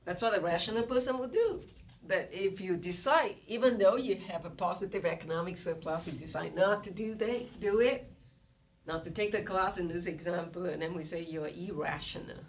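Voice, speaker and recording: A woman's voice: lowish voice, moderate pace. A woman lecturing on economics, explaining terms step by step, asking rhetorical questions and acting out what students might say. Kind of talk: recorded lecture. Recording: distant mic with faint room ambience.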